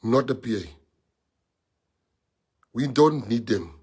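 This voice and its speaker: Speaking slowly with lively intonation, this South African-accented party leader addresses his members in a mid-range voice that's husky and a little mellow. He rallies them emphatically, repeating phrases and dropping in Afrikaans.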